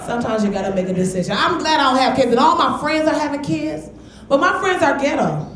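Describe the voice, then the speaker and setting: A woman from Michigan doing stand-up comedy, telling stories in a loud, brash way with big exclamations. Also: high voice, expressive, quick pace. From Michigan, USA. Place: comedy club stage before a live audience. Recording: echoey club with loud crowd.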